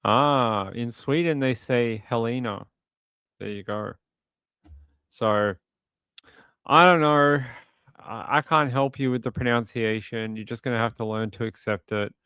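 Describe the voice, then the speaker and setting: A man with an Australian accent hosting a livestream and reading viewer comments in a relaxed way. He repeats himself often and chuckles between thoughts. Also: mid-range voice, unhurried, smooth, dry recording. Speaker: livestream host. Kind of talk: casual live chat reading viewer comments.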